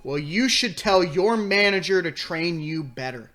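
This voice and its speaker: A man's voice: high voice, expressive, a little slow, a bit bright, faint music behind. A man voicing a smug, demanding male customer who talks down to staff in a curt, condescending way.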